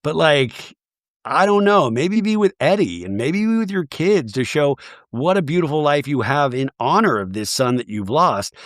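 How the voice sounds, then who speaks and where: A male podcast host rattles through a reality-show recap in a casual comedic way, his pitch swinging up and down all the time. He rambles and drops jokey asides. The sound is close and dry, with no room echo. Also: sing-song, moderate pace.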